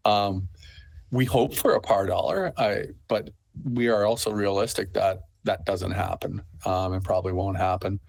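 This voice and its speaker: A middle-aged Canadian man talks low and easy, a festival owner giving an interview. He wanders through his anecdotes and fills the gaps with ums and you-knows. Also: steady tone, normal speed, gravelly, darkish tone. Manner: rambling storyteller, full of fillers. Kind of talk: conversational interview.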